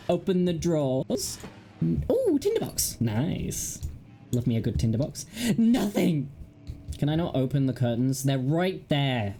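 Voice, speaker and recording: Woman gaming host, low and mellow, lively, giggly let's-play chatter. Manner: chatty, giggly, wry asides to herself. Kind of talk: casual let's-play commentary.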